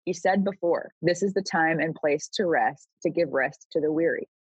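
A reader giving an expressive reading of a scripture paraphrase. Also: mid-range voice, moderate pace, husky, no echo. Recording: dull, lo-fi, dry sound.

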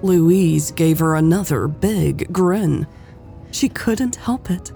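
Woman narrator, audiobook romance, gravelly, dark-toned voice, slow measured reading. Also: fairly low pitch, soft background music. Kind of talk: scripted narration.

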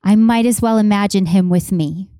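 A woman's voice: mid-range voice, moderate pace, dark tone, no room sound, studio quality. A woman pastor from Canada preaching a sermon, passionate and conversational, repeating key phrases for emphasis and speaking directly to her congregation. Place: church.

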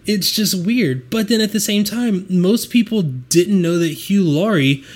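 A man from the United States in a casual chat, animated and laughing, acting out quotes as he talks. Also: high-pitched, unhurried.

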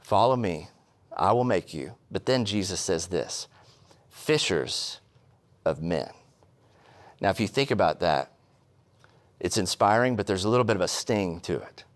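A man preaching a sermon, telling stories with quick humorous asides and rhetorical questions. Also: low-pitched. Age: adult, past college. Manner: animated storytelling with asides. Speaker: pastor.

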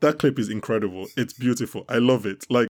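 A mid-range male voice at a quick pace belongs to a podcast host having a casual, animated chat. Frequent laughter and restarted sentences run through his talk.

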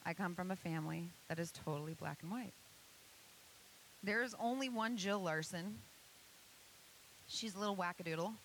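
A woman's voice: mid-range voice, slight background noise, rough recording. A woman giving an earnest presentation to an audience, asking many rhetorical questions. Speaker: speaker giving a church presentation. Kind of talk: motivational talk to an audience.

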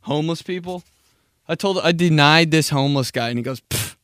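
A young man hosting a casual solo podcast, swearing a lot and ranting in an animated, crude way. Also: a little high, a little fast, clean tone, dry recording. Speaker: podcast host.

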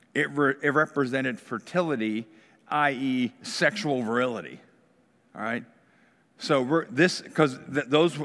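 A man preaching a sermon, retelling the story with animated emphasis and briefly acting out the people's voices. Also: a little high. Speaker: pastor. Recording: reverberant hall.

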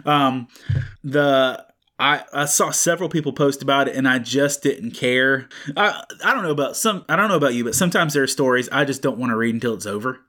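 A man with a slightly raspy voice co-hosting a casual podcast, rambling with many fillers and restarts. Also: medium pitch, fairly quick, sharp tone. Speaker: podcast co-host. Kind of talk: casual comic book chat. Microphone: studio microphone.

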